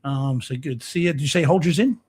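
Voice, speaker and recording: A man's voice: fairly high pitch, fast, a little mellow, husky. A man co-hosting a podcast in a casual live-stream chat, reading out and greeting viewer comments. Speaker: podcast co-host.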